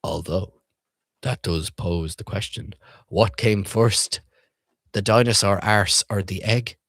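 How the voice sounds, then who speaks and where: A man's voice: on the low side, slow pace, fairly bright tone, no room sound, clean studio sound. A man streaming as he reads and reviews children's books, joking irreverently, swearing freely and quizzing his viewers. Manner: profane, irreverent and jokey; asks the viewers questions. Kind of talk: casual comedic commentary reading aloud.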